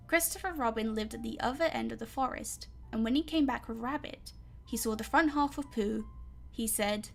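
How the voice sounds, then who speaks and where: A woman's voice: fairly high pitch, brisk, creaky, soft background music. A woman with a British accent reading a children's story aloud in a chatty way, sometimes tripping over words. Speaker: reader.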